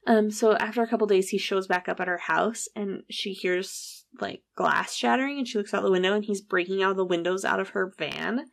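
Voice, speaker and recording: Podcast host, female, gravelly fry, chatty true-crime storyteller. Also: medium pitch, a little fast, few pauses. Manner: chatty, recounts events with frequent "like" and quoted dialogue.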